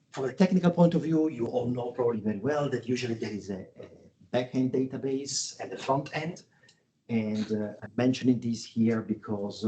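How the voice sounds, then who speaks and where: A man giving a business slide presentation over a video call, talking in a halting way with many filler sounds and self-corrections. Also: fairly low pitch, warm tone, dull audio, a little hiss or hum. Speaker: guest presenter at an industry webinar.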